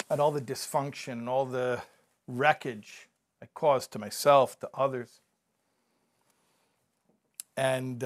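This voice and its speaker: A man giving a measured, reflective talk about recovery, mixing in stories and jokes. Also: mid-range voice, a bit bright. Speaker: recovery speaker.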